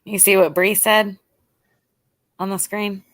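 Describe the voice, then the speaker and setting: A woman's voice: mid-range voice, level tone, takes it slowly, a bit bright, no room sound. Chatty Southern woman host, dry sound. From Georgia, US. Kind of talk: casual livestream chat.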